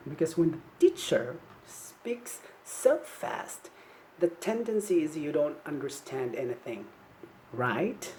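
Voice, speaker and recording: A woman giving an online English teaching demonstration, modeling polite classroom phrases slowly and clearly for young learners to repeat. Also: low voice, expressive, a little mellow, a little hiss or hum, low-quality recording. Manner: slow, clear, encouraging, modeling phrases for repetition.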